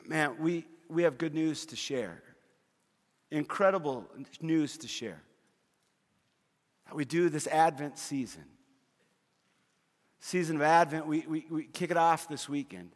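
A middle-aged male pastor preaches a sermon, his voice a little high for a man, telling homey, humorous stories and stumbling into repeated restarts over words. He speaks a little slowly and pauses often, and a big hall gives the sound a long reverb.

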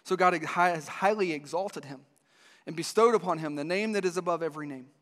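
A man's voice: a little high, brisk, a bit bright. Man preaching in a reverberant hall. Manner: storytelling with many restarts, voices the dialogue. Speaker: pastor. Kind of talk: sermon.

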